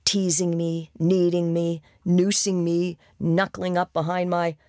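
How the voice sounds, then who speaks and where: A reader voicing a once-shy young man who now gushes about a date in an audiobook, in a gravelly, conspiratorial manner. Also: high voice, level tone, unhurried, darkish tone, no echo, clean studio sound. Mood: gushing. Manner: hesitant then gushing, conspiratorial. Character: shy young man turned chatty boaster. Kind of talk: audiobook character voice.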